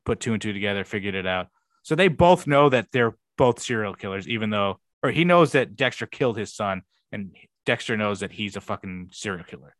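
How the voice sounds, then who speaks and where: A man's voice: on the low side, a bit bright, dry recording. A young man co-hosting a podcast, rambling through a show recap in casual chat, swearing freely and acting out quoted lines. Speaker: podcast co-host.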